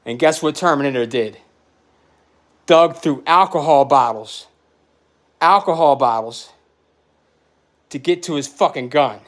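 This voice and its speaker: A man in his forties telling a story in a podcast chat, animated and profane, getting emotional as he talks. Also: fairly high pitch, unhurried, long pauses. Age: 40s.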